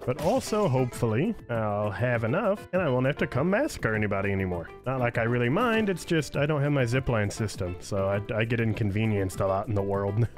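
Gaming YouTuber, male, teasing banter, lively swooping delivery. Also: mid-range voice. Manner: playful, teasing the game's creatures. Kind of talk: let's play commentary. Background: game music.

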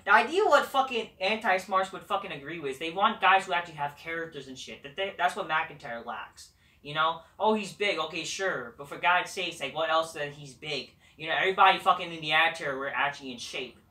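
A woman's voice: deep voice, animated, a little fast, sharp tone, reverberant, distant mic. A woman hosting her own channel, delivering a rambling rant full of swearing and frequent "you know"s. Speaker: channel host. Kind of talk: casual profane rant.

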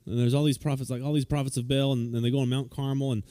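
A man preaching a conversational sermon at a church service, informal, with many restarts and fillers, growing lively when he retells a story. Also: medium pitch, racing, no echo. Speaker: pastor.

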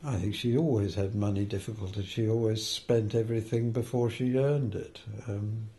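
A man's voice: lowish voice, steady tone, moderate pace, mellow. An older man, a film editor, telling anecdotes in an interview, hesitant with fillers and restarts and the odd chuckle.

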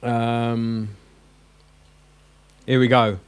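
Lively man teaching a class. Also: medium pitch, extremely slow, smooth. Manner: lively, jokey, coaxing the class with questions. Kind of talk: classroom language lesson.

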